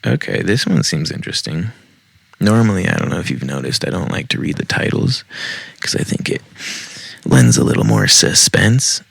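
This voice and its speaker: A man's voice: very deep voice, big pitch swings, normal speed, creaky, husky. A man hosting a casual storytime podcast, reading Reddit posts with wry, profane asides. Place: home basement.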